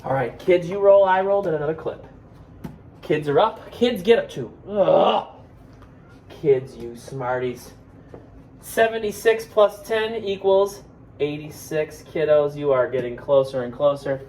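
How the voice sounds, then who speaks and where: Loud, excitable male teacher. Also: a little high, unhurried, a little hiss or hum. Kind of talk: math game lesson for kids.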